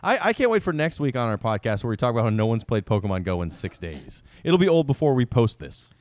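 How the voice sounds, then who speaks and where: A man's voice: medium pitch, big pitch swings, quick pace, darkish tone, no echo, clean studio sound. A man co-hosting a casual podcast, rambling and self-mocking, often restarting his sentences. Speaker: podcast co-host. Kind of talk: casual chat.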